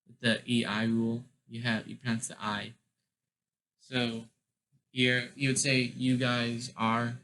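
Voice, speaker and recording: A man teaching German verbs in an unhurried, casual lesson. He talks slowly at a middle pitch and stops often with ums and restarts. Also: a bit bright, rough recording. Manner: slow, deliberate, many ums and restarts. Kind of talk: explaining grammar, casual lesson.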